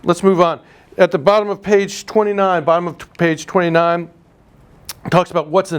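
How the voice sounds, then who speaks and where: Animated man teaching a class. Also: a little high, smooth. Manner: animated storyteller, teasing, quick asides. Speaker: real estate instructor. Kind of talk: live class lecture with anecdotes.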